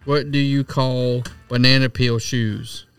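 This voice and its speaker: A man co-hosting a podcast in casual chat, teasing and deadpan in his remarks. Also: mid-range voice, slow, clean tone, distant mic, soft background music. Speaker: podcast co-host.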